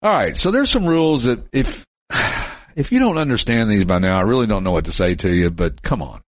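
There's no room sound as a late-fifties man co-hosting a podcast spins stories in easygoing chat, doing impressions of whoever he's quoting. He speaks briskly in a lowish voice.

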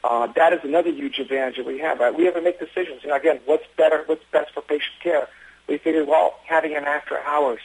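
A man who works as an emergency physician, telling stories in an interview with earnest, quick talk and frequent restarts. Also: a little high, fairly even intonation, husky, low-quality recording. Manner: fast, earnest storytelling with many restarts. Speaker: emergency physician running an urgent care. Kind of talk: interview conversation.

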